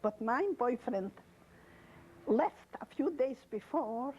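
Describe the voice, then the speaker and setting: An older woman from Poland giving an oral history testimony, speaking in halting, emotional English with broken non-native grammar. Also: a little high, animated, a little mellow, highs cut off, a little hiss or hum. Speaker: interviewee.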